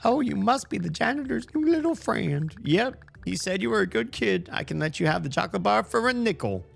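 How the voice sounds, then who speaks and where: A man voicing a chatty, sly older lunch lady in a high put-on voice for a video game. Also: sing-song, creaky, slightly rough, faint music behind, full character voice. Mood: folksy. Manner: high put-on falsetto, drawn-out folksy talk.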